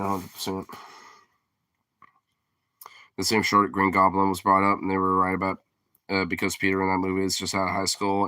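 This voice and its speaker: Bright, rambling, profane casual man. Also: fairly low pitch, no room sound. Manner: rambling, profane, heavy on fillers; laughs often while talking. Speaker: streamer host. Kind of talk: casual chat.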